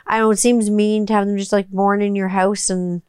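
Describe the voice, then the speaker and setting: A woman's voice: mid-range voice, little pitch movement, normal speed, a little mellow, clear, resonant tone, no echo, clean studio sound. A woman, chatting casually and rambling, full of "like" and the odd swear word. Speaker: vlogger. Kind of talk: casual chat.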